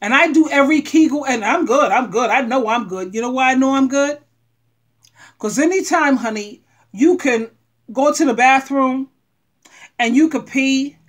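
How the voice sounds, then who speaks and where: A middle-aged woman giving blunt, animated relationship advice straight to her viewers. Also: high voice, moderate pace. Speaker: advice vlogger. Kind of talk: frank advice monologue.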